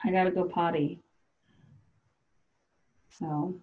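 On dull audio, this podcast host from South Dakota speaks at a fairly low pitch and moderate pace. Her chat is casual and loose, and she laughs as she mimics what people say.

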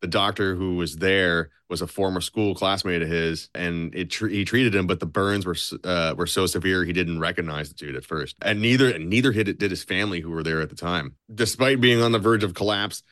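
A man's voice: deep voice, a little fast, few pauses, a bit bright, no echo, studio quality. A young man on a podcast, casually retelling a story, rambling and cursing a lot. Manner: swears a lot, loose and rambling. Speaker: podcast co-host.

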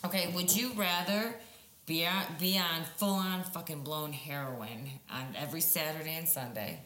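A woman in her forties co-hosts a casual podcast, telling animated stories and swearing freely. Her voice sits low but has a bright, forceful edge. The room is echoey. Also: moderate pace. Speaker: podcast co-host. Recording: roomy echo with faint music.

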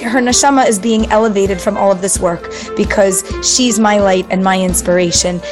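A middle-aged woman, a matchmaker answering interview questions in an earnest, effusive way, sprinkling in Hebrew and Yiddish words. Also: medium pitch.

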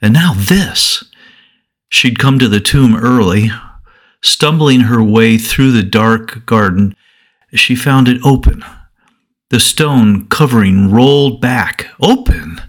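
A man telling a Bible story and reflecting on it as a devotional, earnest and measured with dramatic pauses. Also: mid-range voice. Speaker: devotional speaker.

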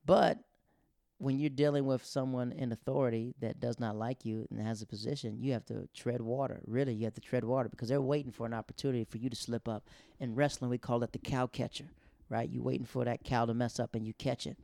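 A man's voice: mid-range voice, steady tone, a little fast, vocal fry, warm tone, no room sound, studio quality. A male comedian telling work stories in a chatty, casual way, full of fillers.

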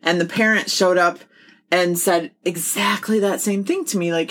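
Animated, blunt woman co-host. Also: fairly low pitch, moderate pace. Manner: animated, laughing, blunt with swearing. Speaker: podcast co-host. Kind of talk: casual chat.

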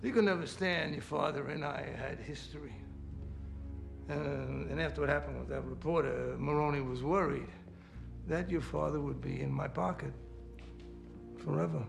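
Gravelly smooth mob boss. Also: male voice, fairly high pitch, moderate pace. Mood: confiding. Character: smooth middle-aged male mob boss. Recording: film clip over music score.

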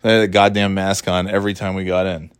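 A man's voice: deep voice, little pitch movement, quick pace, smooth, no room sound, studio quality. A man telling a long casual story, swearing freely and rambling with many asides. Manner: profane, rambling, exasperated.

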